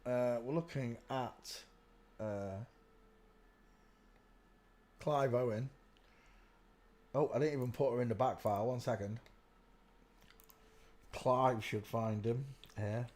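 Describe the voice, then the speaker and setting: Speaking slowly with long pauses, a man with a steady, slightly mellow medium-pitched voice runs a live stream. He chats in a wandering way, often saying "look" while directing viewers to pictures.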